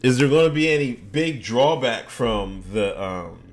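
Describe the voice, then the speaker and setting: Animated joking man hosting a livestream. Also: medium pitch, a little slow. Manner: laughs often, loose and joking, sarcastic asides. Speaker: livestream podcast host. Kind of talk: casual livestream chat, answering viewer comments.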